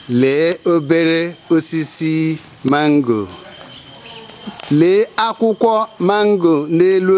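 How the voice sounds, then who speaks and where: A man with an Igbo accent gives a patient language lesson, his voice sitting high and his pace unhurried. He spells out each word letter by letter and says it again. A faint hiss of noise sits behind him. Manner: repeats and spells words letter by letter. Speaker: language teacher.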